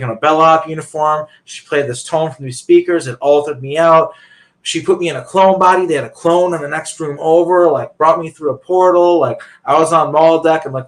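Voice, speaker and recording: Male talk-show guest, bit high-pitched, angry rambling rant, profane. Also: a bit bright. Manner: agitated, profane, repeats "like".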